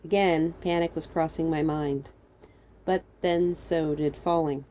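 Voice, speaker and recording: Brief: woman storyteller, deadpan-wry comic narration, low warm tone, dull recording. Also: measured pace, a little hiss or hum. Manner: wry, animated, jumping high for quoted lines. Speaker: storyteller reading her fan fiction.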